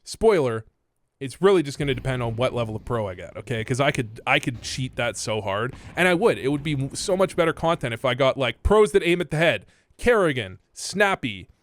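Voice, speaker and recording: Recorded through a desk mic, this young man from Canada makes gaming content, rambling casually as he reviews gameplay, cursing and filling gaps with lots of fillers. He talks a little fast at medium pitch, his pitch swinging widely.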